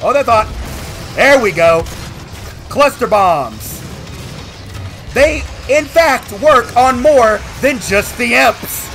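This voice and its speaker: Man, unhurried gaming commentary, trash-talks and whoops, faint music under. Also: extremely high pitch, creaky. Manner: excitable, trash-talking, whoops and laughs. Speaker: gaming video host. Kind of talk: let's play commentary.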